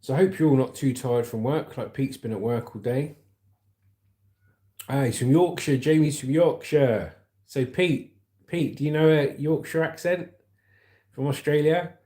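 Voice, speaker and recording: A man's voice: medium pitch, a little slow, pauses often, dark tone, roomy sound. A man hosting a livestream, chatting casually and rambling as he reads the news, often calling his viewers "mate".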